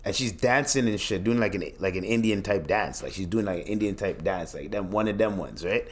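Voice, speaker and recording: A man's voice: on the low side, fairly quick. A young man from Canada hosting his own podcast, ranting bluntly and profanely in casual solo commentary, often restarting his sentences. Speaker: podcast host.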